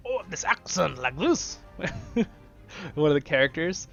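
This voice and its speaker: A man casually commentating his strategy gameplay, chatty and excitable, talking straight to his viewers. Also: on the high side, a little slow, long pauses. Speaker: gaming channel host. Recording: dull lo-fi sound with faint music.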